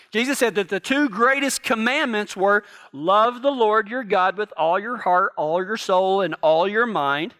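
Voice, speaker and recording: A man with a notably high, bright voice preaches a homespun sermon to a ranching congregation. He talks like a cowboy pastor, with a folksy drawl and plain ranch talk. His delivery swings from quiet, earnest asides to loud, animated bursts.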